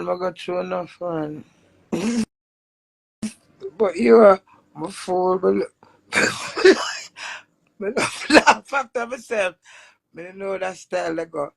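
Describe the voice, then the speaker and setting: A woman's voice: fairly low pitch, vocal fry, no echo. A middle-aged Jamaican woman chatting casually on a live stream, telling stories and laughing often. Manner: animated storytelling with frequent laughs.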